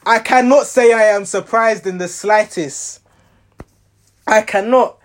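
A man's voice: high voice, measured pace. A man giving a rambling, exasperated reaction to his team's match, restarting his sentences often. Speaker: football fan reviewing a match.

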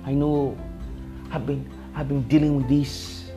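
A woman voicing a timid, guilt-ridden believer who prays in a halting, apologetic way. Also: rumbling low, flat delivery, over music, pitched below the performer's own voice. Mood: sheepish pleading.

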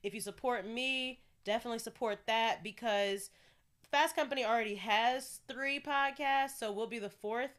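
A woman's voice: on the high side, normal speed, a bit bright. A young woman hosting her own podcast in a casual, candid solo chat, talking freely and laughing often. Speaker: podcast host.

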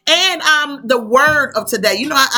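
A woman's voice: high voice, expressive, a crowd in the background. A woman hosting a podcast in casual chat, talkative, laughing often and drawing out her words. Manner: chatty, laughing, drawn-out words. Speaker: podcast host.

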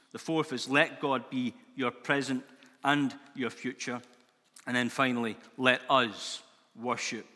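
A man's voice: medium pitch, pushed and bright. A man preaching a sermon in a church hall, earnest and emphatic, building in intensity as he goes. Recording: long hall reverb.

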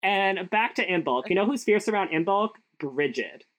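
A woman's voice: mid-range voice, animated, normal speed, poor audio. Giggly young woman podcast cohost. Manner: giggly, sarcastic, full of "like". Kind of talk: casual chat.

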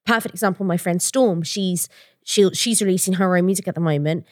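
A woman's voice: fairly low pitch, brisk, a little mellow, no echo, studio quality. A woman with an English accent and the odd Canadian-sounding word, co-hosting a casual podcast and telling rambling stories with a lot of "like"s. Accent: English, with odd Canadian-sounding words. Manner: chatty, rambling storyteller with many "like"s; swears freely while joking. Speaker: podcast co-host.

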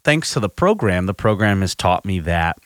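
A man's voice: deep voice, sing-song, moderate pace, no room sound, studio quality. A man hosting a podcast, telling a personal recovery story in a candid, self-reflective way, often restarting his sentences. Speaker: podcast host.

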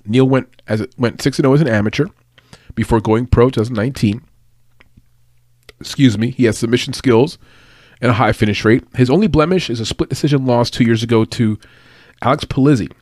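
This fight analyst and betting tipster speaks English as his first language, in a mid-range, darkish voice that moves fairly quickly but leaves long pauses. The studio-quality recording has no room sound. He chats casually through predictions and tips, using plenty of fillers and chuckling at what he says.

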